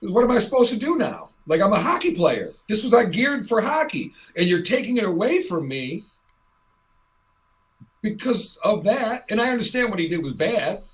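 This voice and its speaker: A woman's voice: mid-range voice, moderate pace, poor audio. Transgender woman, talk-show host, blunt and fired up, lots of rhetorical questions. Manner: frank, animated, argues with rhetorical questions. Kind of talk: casual talk-show chat.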